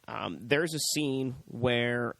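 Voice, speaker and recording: A man co-hosting a movie review show in casual chat, animated and profane, often mimicking characters in high voices. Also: drawn-out words, gravelly, low-quality recording. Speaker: podcast co-host.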